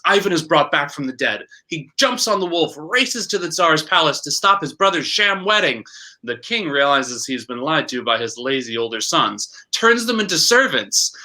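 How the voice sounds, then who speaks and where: A man casually retelling a fairy tale in a brisk, chatty way. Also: sits high, bright, forceful tone. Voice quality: brisk, chatty, laughs often. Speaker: storyteller.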